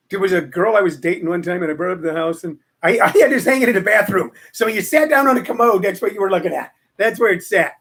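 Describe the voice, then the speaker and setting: A middle-aged man with a high voice hosts a casual show, wandering from story to opinion. He repeats himself and fills pauses with "uh". His talk is loose and chatty. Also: slightly rough. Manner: rambling, opinionated, lots of fillers and repeats. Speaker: host.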